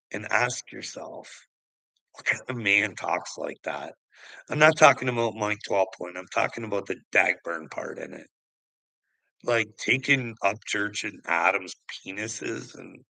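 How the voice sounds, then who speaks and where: A man's voice: lowish voice, creaky, bright, forceful tone, dry recording, low-quality recording. A man who vlogs, ranting profanely and laughing with scorn. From Canada. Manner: angry, swearing, laughing scornfully. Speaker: vlogger.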